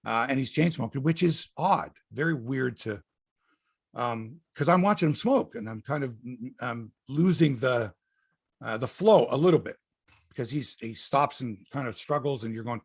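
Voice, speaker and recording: A man's voice: medium pitch, animated, normal speed, gravelly, husky, no echo, studio quality. A man hosting a sports podcast, telling rambling, profane stories in casual chat.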